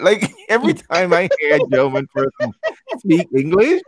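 A man co-hosting a casual chat show, talking in an animated, joking way and often repeating "you know what". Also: a little high, moderate pace. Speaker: podcast co-host.

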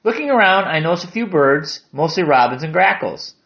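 A man with a southern Lower Peninsula Michigan accent, narrating a hiking memoir in a calm, descriptive way. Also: a little fast, creaky, highs cut off.

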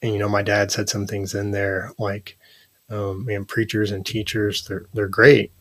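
A man in his thirties, a podcast guest, telling personal stories in an earnest, animated way with lots of "like" and "you know". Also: lowish voice, measured pace, no echo. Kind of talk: casual interview conversation.

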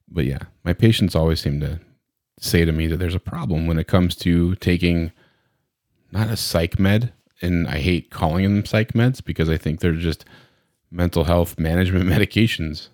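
Very low-voiced man, joking clinician. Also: moderate pace, dry recording, clean studio sound. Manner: animated, joking, acts out patients. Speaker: medical practitioner, podcast host. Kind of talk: casual podcast conversation.

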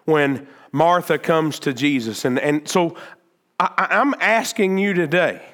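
Male pastor, high-pitched voice, emphatic sermon delivery with lots of repetition. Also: unhurried, fairly bright tone. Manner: earnest, emphatic preaching with repeated phrases and restarts.

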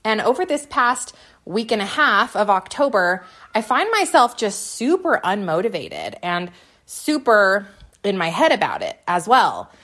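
A woman's voice: medium pitch, wildly swooping pitch, a little slow, a bit bright. A woman hosting her own podcast, talking in a bubbly, chatty way and laughing at herself. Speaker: podcast host. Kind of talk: upbeat solo podcast chat.

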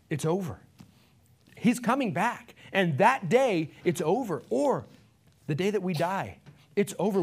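A man preaching an Easter sermon in a church, earnest, rising to emphatic peaks and dropping soft when he prays. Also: high voice. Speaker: pastor.

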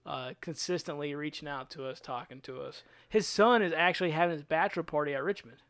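A man's voice: a little high, fast, no echo, clean studio sound. A man co-hosting a podcast, chatting casually about racing and laughing often. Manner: laughs often, joking and animated. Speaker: podcast co-host. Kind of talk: casual chat.

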